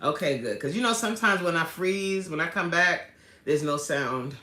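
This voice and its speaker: A woman hosting a casual livestream, chatting with viewers and reading out their comments in animated, slangy talk, laughing often. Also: on the low side, moderate pace. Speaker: livestream host. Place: indoor room at home. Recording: roomy echo.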